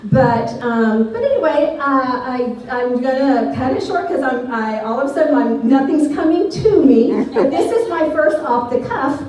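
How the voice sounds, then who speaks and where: A woman's voice: high voice, animated, normal speed, hardly any pauses, a little mellow. A middle-aged woman doing off-the-cuff stand-up, rambling and candid, often laughing at her own jokes. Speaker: stand-up comedian. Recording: echoey room, voice from far off.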